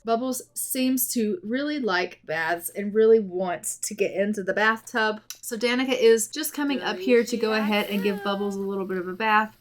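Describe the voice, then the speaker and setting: A woman talks through her life-sim game in a chatty, casual way, doting on the characters. Her voice sits at an ordinary middle pitch. It sounds like an easygoing gaming channel host. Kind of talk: casual let's play commentary.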